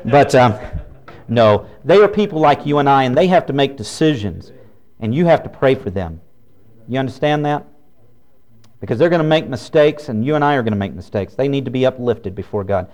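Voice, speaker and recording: A man's voice: medium pitch, animated, a little fast, a little mellow, lo-fi sound. A man preaching a folksy, humorous sermon as a pastor.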